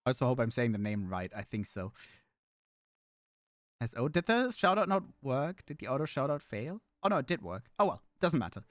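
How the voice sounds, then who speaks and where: A man streaming live in casual chat, playful and animated, jumping from excited squeals to low mutters. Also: brisk, dry recording.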